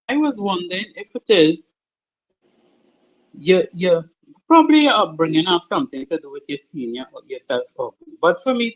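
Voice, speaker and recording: A woman sharing her story earnestly in a group discussion, often asking "you understand?". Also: low-pitched. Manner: earnest, repetitive, laughs often. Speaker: participant. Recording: muffled lo-fi call audio.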